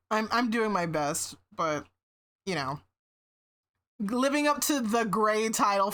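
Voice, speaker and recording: A woman's voice: medium pitch, moderate pace, fairly bright tone. A woman streamer in casual livestream chat, meandering with many fillers and restarts, swearing now and then.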